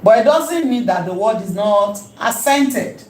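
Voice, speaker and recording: A woman teaching a language lesson, repeating key terms slowly and emphatically. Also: mid-range voice, animated, a little mellow. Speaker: Hebrew teacher. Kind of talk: classroom lecture. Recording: echoey room with faint ambience.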